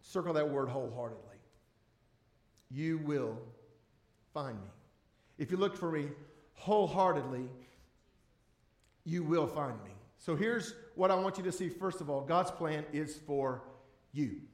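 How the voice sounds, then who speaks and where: A man preaching a sermon as pastor to a congregation, emphatic, swinging between loud bursts and hushed, drawn-out words, repeating key words for emphasis. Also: fairly high pitch, lively intonation. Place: church sanctuary before a congregation. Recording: echoey room.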